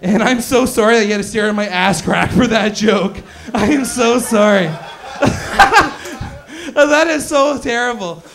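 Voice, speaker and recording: High-voiced, excitable young male comic. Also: unhurried, vocal fry, heavy background noise. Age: 20s. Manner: loud, excitable, crude, bantering with the crowd. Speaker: stand-up comedian. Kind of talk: stand-up comedy set. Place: comedy club stage.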